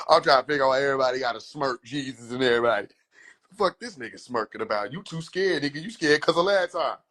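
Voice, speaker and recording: A young man livestreaming from his phone, rambling in an animated, profane way and slipping into quoted voices. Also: medium pitch, brisk. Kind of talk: rambling casual livestream monologue. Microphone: phone on a live stream.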